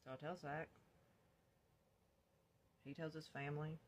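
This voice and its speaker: A woman's voice: low voice, flat delivery, measured pace, slight background noise. A woman vlogger telling her own life story in a blunt, confessional storytime, swearing freely. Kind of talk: candid storytime.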